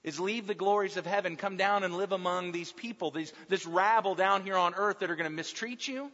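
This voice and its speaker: A man's voice: sits high, brisk, a bit bright. A male preacher giving an emphatic sermon, building his points through repeated lists. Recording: muffled recording, long hall reverb.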